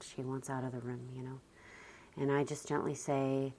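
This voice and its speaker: A young adult woman talking gently and slowly about calm parenting, often dropping almost to a whisper. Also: rumbling low, slight background noise. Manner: soft, slow and gentle, often near a whisper. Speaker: parenting vlogger. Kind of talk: calm reflective talk to camera.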